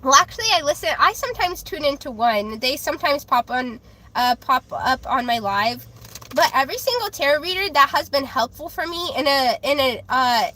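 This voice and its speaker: A high-voiced woman chats on her own live tarot stream. Her tone is bright and forceful. She speaks bluntly and defensively, with frequent fillers and self-corrections. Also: lively intonation, normal speed. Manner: chatty, many fillers and restarts. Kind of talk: casual live-stream chat.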